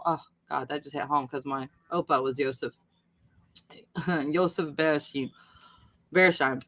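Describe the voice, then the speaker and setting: A woman hosting a live video chat, reading history notes aloud and thinking out loud, swearing casually now and then. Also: low-pitched, steady tone, unhurried, long pauses, low-quality recording. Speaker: host. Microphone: video call.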